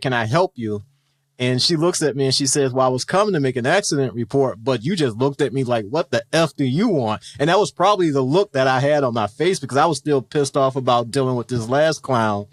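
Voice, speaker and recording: Middle-aged man, retired cop, storytelling, mid-pitched voice, dry close sound. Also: a little fast, no echo. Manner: animated storyteller who acts out quoted dialogue. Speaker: retired police officer. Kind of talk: casual interview storytelling.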